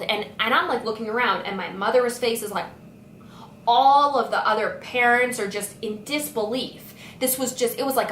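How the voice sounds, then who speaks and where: A young woman vlogger telling a storytime tale with lots of "like" fillers. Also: on the high side. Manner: animated retelling full of "like" fillers. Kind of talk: storytime vlog. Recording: echoey room with faint noise.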